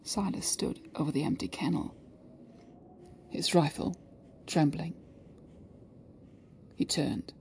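A woman narrating an erotic story in a slow, breathy way, often sinking into hushed whispers. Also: deep voice, slight background noise, low-quality recording. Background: background music.

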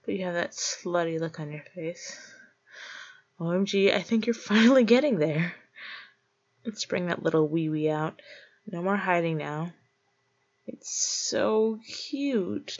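A woman's voice: fairly low pitch, moderate pace, highs cut off. A woman performing a scripted audio role-play in a mocking, teasing and domineering way.

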